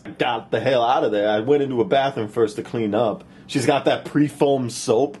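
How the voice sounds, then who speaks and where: A man giving a casual software tutorial at his computer. He talks in a profane, rambling way and keeps asking "right?". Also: medium pitch, normal speed, few pauses. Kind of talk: casual screen-recorded tutorial with rambling story.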